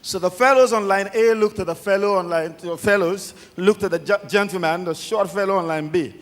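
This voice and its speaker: A Nigerian man tells jokes from the stage of a large awards hall, his fairly high voice trailing off into a long reverb. He is an animated storyteller who calls out to the crowd for a response. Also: a little fast, hardly any pauses. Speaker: stand-up comedian. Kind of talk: stand-up joke telling.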